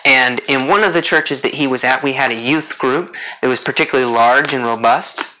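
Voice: mid-range voice, fairly quick, bright, forceful tone, a little hiss or hum, low-quality recording. A preacher delivering a sermon, earnest, repeating key points and putting rhetorical questions to the congregation.

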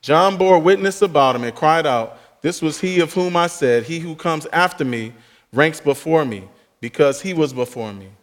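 A male pastor preaching a sermon emphatically, rising on key phrases and dropping to soft, quiet asides. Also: on the high side, normal speed, in a large hall.

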